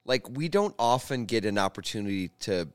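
A man hosting a casual podcast chat, telling stories with animated emotion. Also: fairly low pitch, a little fast, no echo, studio quality.

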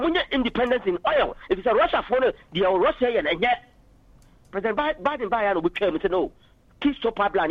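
A man's voice: extremely high pitch, no room sound. A man calling in to a political radio talk show, arguing passionately and switching into English phrases, heard over a dull phone line. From Ghana.

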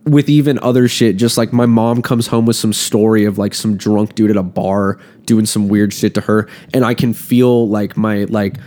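Young man, podcast co-host, rambling story, lots of swearing, mellow dark voice. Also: lowish voice, fairly even intonation, normal speed, few pauses. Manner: profane, rambling, heavy on fillers. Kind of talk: casual storytelling chat.

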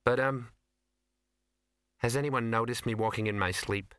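A man voicing a fiery, paranoid young actress, speaking quickly with anguish and a sharp edge. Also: medium pitch, fairly even intonation, clean tone, dry recording, clean studio sound, natural voice. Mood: anxious.

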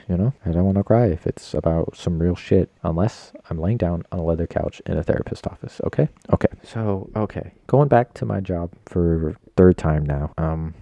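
A man's voice: sits low, creaky, dark tone, dry recording. A young man hosting a solo podcast, rambling in profane, self-mocking chatter. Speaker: podcast host.

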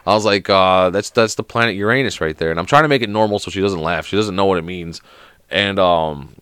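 A man's voice: deep voice, fast, fairly bright tone, smooth, dry recording, clean studio sound. A young man who is sick hosts a podcast alone in casual chat. He swears constantly and rambles through anecdotes. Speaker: podcast host.

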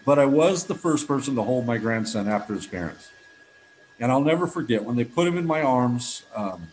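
A man's voice: medium pitch, slight background noise, poor audio. A man in his fifties giving a heartfelt personal testimony at a recovery meeting, telling stories earnestly with frequent restarts.

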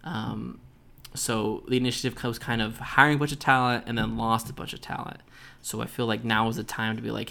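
Male podcast host, relaxed speculative talk, average pitch. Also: brisk, gravelly. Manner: casual, speculative, loose. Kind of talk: solo podcast commentary.

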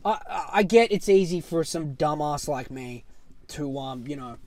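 A man hosting a casual solo podcast, talking excitably and with plenty of swearing, swinging from loud bursts to low mutters. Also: moderate pace. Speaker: podcast host.

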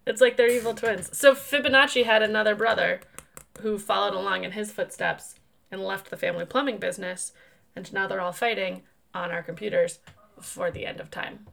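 A woman co-hosting a podcast in casual chat, playful and goofy, quick to joke. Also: mid-range voice, creaky, fairly bright tone. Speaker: podcast co-host.

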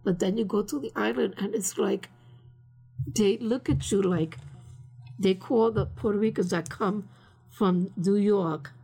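Older woman, gravelly husky voice. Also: mid-range voice, measured pace, warm tone. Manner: rambling, many fillers, slips into Spanish phrases. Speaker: interviewee. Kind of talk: casual storytelling.

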